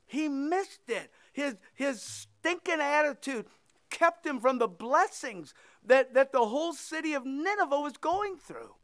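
A man's voice: very high voice, lively intonation, a little slow, a bit bright, dry recording, studio quality. A male pastor preaching a sermon and leading a closing prayer, impassioned and emphatic, repeating phrases for weight and quoting scripture.

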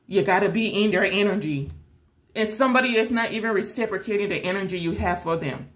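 A woman who hosts a tarot channel, ranting straight to camera in a blunt, confrontational way and repeating her points. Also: mid-range voice. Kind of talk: direct-to-camera rant.

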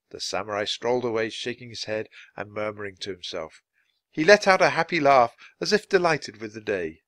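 A man narrating a children's chapter book in a clear, steady reading voice. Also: fairly low pitch, brisk, dry recording. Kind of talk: scripted storybook narration.

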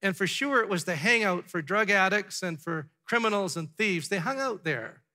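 A pastor preaching a sermon to his congregation, asking rhetorical questions and dropping to a hush before building back up. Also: sits high, lively intonation, normal speed. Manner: dramatic, drops to a hushed tone for emphasis, then builds up. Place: church sanctuary.

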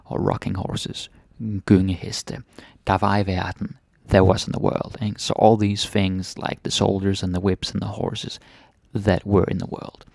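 A man's voice: deep voice, monotone, a little slow, gravelly, darkish tone, no echo, studio quality. A man teaching a language by reading a fairytale aloud and translating it word by word, often adding little questioning tags.

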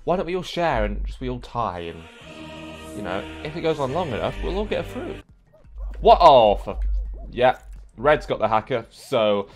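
Excitable young gamer. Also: male voice, medium pitch, normal speed, soft background music. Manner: excitable, yelps and shouts at the game, swears, then mutters. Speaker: gaming YouTuber. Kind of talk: let's play commentary.

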